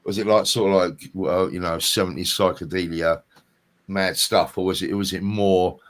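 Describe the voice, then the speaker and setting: A man's voice: low-pitched, steady tone, normal speed, fairly bright tone. A man co-hosting a podcast, interjecting with short, curious questions. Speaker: podcast co-host. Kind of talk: casual interview chat.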